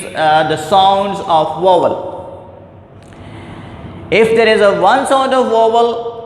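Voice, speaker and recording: A male teacher explains grammar slowly and deliberately, repeating each point. His voice sits high for a man. It rings in a large echoey hall with faint noise in the background. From Pakistan. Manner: repetitive, deliberate, addresses "my dear students". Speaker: English teacher. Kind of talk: classroom grammar lecture.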